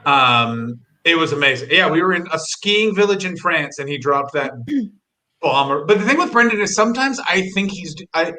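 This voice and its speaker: A man's voice: on the high side, animated, normal speed, bright, forceful tone. A Canadian man chatting casually as co-host, rambling and correcting himself with wry asides. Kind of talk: casual chat.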